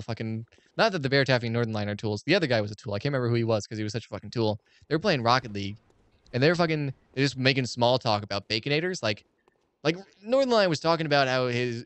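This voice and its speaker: A young man chatters through a game session, cursing freely and ranting with excitable enthusiasm. His mid-range voice sits close to the mic in a dry, dead room. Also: medium pitch, dry recording. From United States. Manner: rambling, profane, excitable ranting. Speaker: let's play streamer. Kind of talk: casual gameplay commentary.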